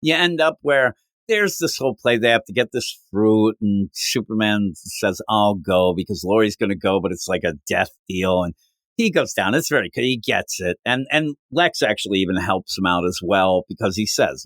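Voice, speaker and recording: A man co-hosting a comics podcast in casual chat, rambling and acting out characters' lines with sudden jumps in pitch. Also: normal speed, fairly bright tone, no room sound, clean studio sound. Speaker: podcast co-host.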